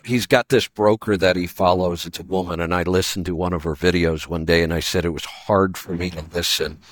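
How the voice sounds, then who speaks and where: A man hosting a radio show in casual chat, opinionated and talking quickly with many restarts. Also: deep voice, a bit bright, no room sound. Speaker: radio host.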